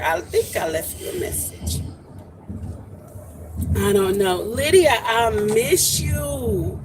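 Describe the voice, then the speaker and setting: A woman's voice: mid-range voice, slow pace, noisy background. Chatty woman livestreaming from a car. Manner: animated, chatty, greets viewers by name. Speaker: homesteading livestream host. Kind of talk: casual livestream chat.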